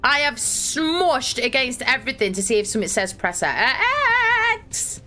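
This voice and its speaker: Woman streamer, frantic swearing play-by-play, bright lively voice, music under her. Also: sits high, measured pace. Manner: swearing, exasperated, thinks aloud. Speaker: gaming streamer. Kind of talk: live gameplay commentary.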